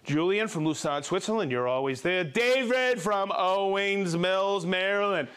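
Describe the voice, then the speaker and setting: Male live-stream host, slightly high voice, casual and talkative, easily excited. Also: unhurried, smooth. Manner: excitable, bursts into shouts of joy; chatty, reads viewer shout-outs.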